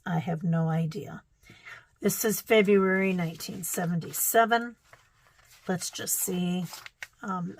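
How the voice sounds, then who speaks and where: Woman, Midwestern accent, middle-aged, slow unhurried delivery, mid-pitched, chatty show-and-tell, thinking aloud. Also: a little mellow, rough recording. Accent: Midwestern American. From American Midwest. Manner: chatty, exclaiming, thinking aloud with many fillers. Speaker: vlogger. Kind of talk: casual show-and-tell of quilting magazines.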